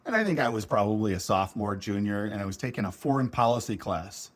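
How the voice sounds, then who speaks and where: A man's voice: on the low side, quick pace. A middle-aged man from Minnesota, co-hosting a podcast and telling childhood stories in a casual chat with an old friend, laughing often. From Minnesota, USA. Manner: animated storyteller, laughs often. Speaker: podcast co-host.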